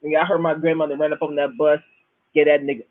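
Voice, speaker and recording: A man's voice: fairly high pitch, flat delivery, quick pace, no room sound. A man with a Florida accent rambling through a casual, slang-filled monologue as host. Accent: Southern US, Florida. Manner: profane, laid-back slang, storytelling. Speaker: show host. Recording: dry, tinny phone-like sound.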